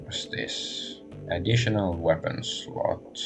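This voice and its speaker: A man's voice: low-pitched, takes it slowly, music in the background. A man streaming a role-playing game, muttering hesitant thoughts aloud as he plays. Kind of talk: let's-play commentary.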